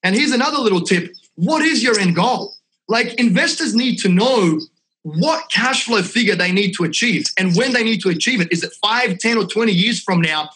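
An Australian man talking as a podcast guest, energetic and salesy, dropping "mate" and "right?" all through his talk. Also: high-pitched, normal speed, low-quality recording. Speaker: real estate investment company owner, podcast guest. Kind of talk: casual podcast chat.

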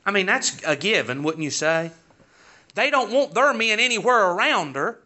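High, lively preacher. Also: male voice, normal speed, dull audio. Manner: folksy, rhetorical questions, rising to emphatic peaks. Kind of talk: sermon.

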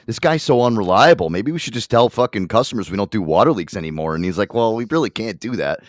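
A man co-hosting a radio show, telling a story in a casual, profane, animated way with frequent laughs. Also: lowish voice, fast, no echo, clean studio sound. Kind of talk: casual chat.

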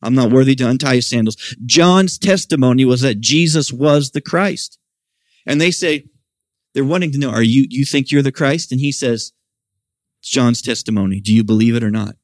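A middle-aged pastor preaches a sermon to his congregation at a church service, lively and expressive at a normal speed. His ordinary-pitched voice jumps higher when he acts out quoted questions. The sound is close and dry, with little room echo.

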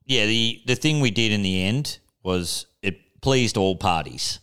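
A man's voice: on the low side, animated, measured pace, fairly bright tone, smooth. A young Australian man telling a story on a podcast in a laid-back, casual way, swearing freely. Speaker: podcast co-host. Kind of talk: casual chat.

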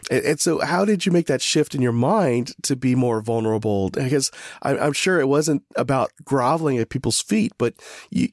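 A man hosting a podcast, asking long questions in a relaxed way and thinking aloud as he goes. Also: mid-range voice, moderate pace, no room sound, studio quality. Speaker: podcast host. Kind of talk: conversational interview.

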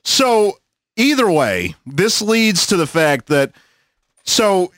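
A man in his thirties telling a crude anecdote on a podcast, laid-back and laughing. His pitch swings widely, and his voice sits a little high for a man. The sound is dry and close. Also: big pitch swings, slow pace, fairly bright tone, no echo. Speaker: podcast host and rideshare driver. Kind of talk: casual storytelling chat.

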